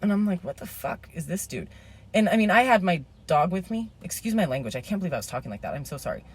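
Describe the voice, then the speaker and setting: Husky-voiced woman ranting. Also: fairly low pitch, expressive, very fast. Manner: rambling, indignant, swears then apologizes. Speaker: vlogger. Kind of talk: rambling casual storytelling.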